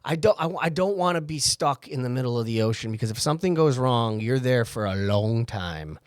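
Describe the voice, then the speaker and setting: A man co-hosting a podcast, chatting casually, animated and swearing as he tells stories. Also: mid-range voice, a little fast, clean tone, no echo, clean studio sound. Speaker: podcast co-host. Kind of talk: casual chat.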